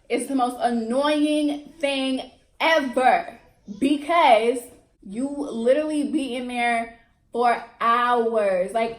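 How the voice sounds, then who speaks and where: A woman's voice: fairly high pitch, roomy sound. A young woman vlogger, telling a dramatic storytime and acting out what people said. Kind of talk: storytime vlog.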